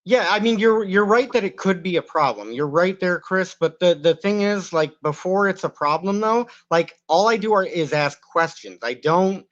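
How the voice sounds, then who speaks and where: High-voiced argumentative man, lo-fi call. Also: lively intonation, moderate pace, few pauses. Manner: argumentative, keeps talking over others. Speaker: panel guest. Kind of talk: heated online panel debate. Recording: dull lo-fi call audio.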